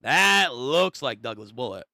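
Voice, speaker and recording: A man's voice: medium pitch, very animated, measured pace, bright, forceful tone, dry recording, studio quality. A young man reacting live to a manga chapter, talking in a casual, profane way. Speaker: streamer.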